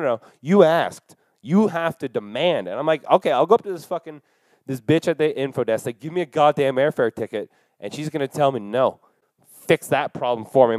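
A young man hosting a podcast, telling a long profane story in a casual, animated way and acting out the dialogue. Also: a little high, no room sound, low-quality recording. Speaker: podcast host.

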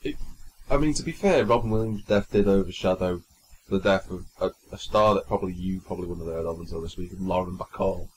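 A man's voice: low voice, brisk, a little mellow, a little hiss or hum, low-quality recording. A young man co-hosting a podcast, chatting casually and rambling through stories with frequent restarts. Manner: chatty, rambling, stumbles and restarts while recounting news. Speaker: podcast co-host. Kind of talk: casual chat.

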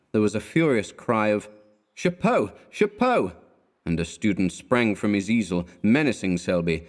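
A man with a fairly low voice narrates a classic short story as an audiobook, telling it in a measured, deliberate way.

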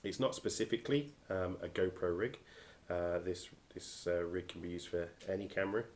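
Man from the UK, very low voice, stuffy nasal cold, casual halting gear review, faint hiss behind. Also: darkish tone. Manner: hesitant, many ums and restarts.

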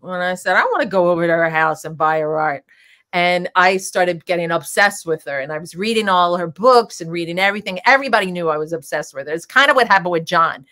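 Here the woman sounds lower-pitched, talks fast, and has a sharp edge. She's the drag king guest in a casual interview, laughing often as she meanders through filler-laden anecdotes.

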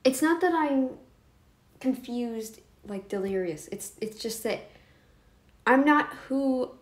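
A woman's voice: fairly high pitch, expressive, slow. A woman hosting a reaction video, rambling and laughing often, feeling mentally off. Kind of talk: casual commentary.

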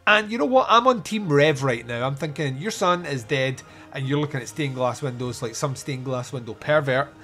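A man's voice: medium pitch, animated, moderate pace, hardly any pauses, sharp tone. Irreverent man recapping a movie. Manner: irreverent, jokey, crude asides. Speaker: podcast host reviewing a film. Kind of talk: casual film-recap podcast.

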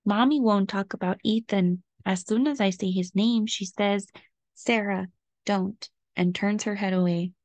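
A woman reading a children's picture book aloud in a gentle, expressive storytelling manner. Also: medium pitch, moderate pace, hardly any pauses, no echo. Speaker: storybook reader.

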